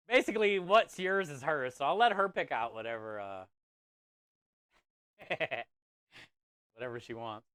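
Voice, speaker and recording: Casual male streamer, slightly high pitch, dry close mic, friendly and chatty with viewers. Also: pushed and bright, clear, resonant tone, no echo. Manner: friendly, chatty, addresses viewers as bro and dude. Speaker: streamer host of a cooking stream. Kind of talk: casual live-stream chat reading comments. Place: kitchen or food truck.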